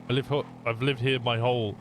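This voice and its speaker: A man's voice: medium pitch, level tone, fairly quick, slight background noise. A young man from England with a Midlands accent, chatting casually and swearing with his stream viewers. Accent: Midlands English. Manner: chatty, swearing, stumbling over words.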